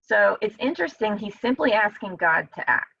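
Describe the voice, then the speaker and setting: A woman teaches a Bible study over a video call in a loose, conversational way, now and then voicing the psalmist's blunt cries. Her voice is bright and sits in a middle pitch. The sound is dry and a little dull, like call audio. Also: lively intonation, moderate pace, vocal fry, husky, no room sound.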